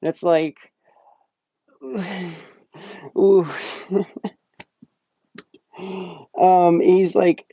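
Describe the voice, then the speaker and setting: A man's voice: high voice, flat delivery, extremely slow, vocal fry, pauses often, no room sound. A young man casually reviewing a movie on a live stream, rambling and swearing, often laughing. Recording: slightly muffled dry stream audio.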